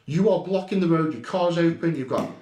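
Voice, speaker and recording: A man's voice: a little high, fairly quick, a little mellow, far from the mic. A middle-aged man giving a heated, blunt first-person account of a confrontation at his home. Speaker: vlogger recounting an incident. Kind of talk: casual first-person account over CCTV footage. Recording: roomy echo, a bit off-mic.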